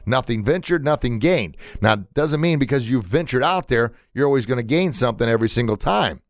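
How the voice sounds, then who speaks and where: A middle-aged man giving a motivational podcast monologue in a mid-range voice. He sounds folksy and emphatic, repeats himself, and jumps sharply upward on the lines he stresses. The recording is dry and close to the mic. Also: no echo. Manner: emphatic, repetitive, folksy preaching with pitch leaps. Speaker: podcast host.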